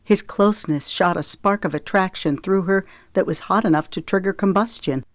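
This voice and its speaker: A woman narrating an audiobook in a steady, even storytelling manner. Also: medium pitch, moderate pace, no echo. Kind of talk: scripted narration.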